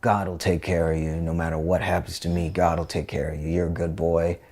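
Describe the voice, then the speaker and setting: A man voicing his gentle, devout grandmother, speaking softly and reassuringly. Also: deep voice, little pitch movement, brisk. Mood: tender. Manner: soft, reassuring.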